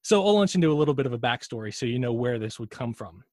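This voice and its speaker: A man's voice: mid-range voice, animated, quick pace, darkish tone, no echo, clean studio sound. Rambling, profane male podcast co-host. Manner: rambling, profane, admits his own tangents. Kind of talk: casual chat.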